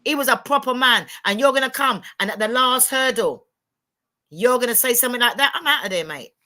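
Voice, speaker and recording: A woman's voice: a little high, a little fast, sharp tone. A woman, telling blunt, emphatic stories as a guest on a livestream panel. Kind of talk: candid livestream chat.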